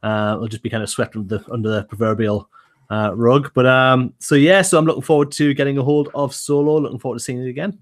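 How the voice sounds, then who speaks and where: Quick, upbeat male co-host, rattles along with fillers. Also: mid-range voice, fairly even intonation. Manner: fast, upbeat, full of fillers like "uh" and "kind of". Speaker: podcast co-host. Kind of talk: casual podcast chat.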